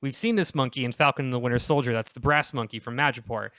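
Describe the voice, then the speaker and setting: A young man on a casual comedy podcast, pitching a story in a rambling, self-interrupting way and laughing at his own jokes. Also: fast talker, a bit bright, no room sound, studio quality.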